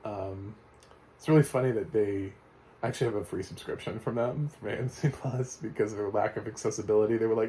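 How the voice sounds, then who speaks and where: Rambling man with a low, mellow voice. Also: a little fast. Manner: rambling, full of fillers and restarts, blunt and profane. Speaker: TV reviewer. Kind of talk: casual spoken TV recap.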